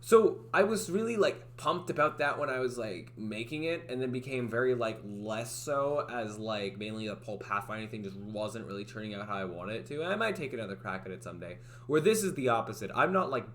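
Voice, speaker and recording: Rambling man with a lively, swooping voice. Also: fairly low pitch, a little fast, few pauses. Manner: rambling, heavy use of "like", frequent restarts. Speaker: livestreamer and game developer. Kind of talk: casual livestream chat.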